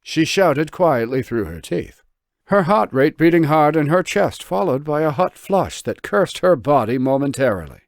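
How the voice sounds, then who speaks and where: Expressive man narrating a novel. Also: a little high, normal speed, creaky, no room sound, studio quality. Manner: lively, expressive reading. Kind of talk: audiobook narration.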